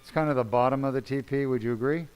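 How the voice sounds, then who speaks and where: A man's voice: medium pitch, quick pace, a little mellow, clear, resonant tone. Chatty male surgeon narrating live surgery. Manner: chatty, self-deprecating, talks to viewers while working. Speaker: spine surgeon. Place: operating room.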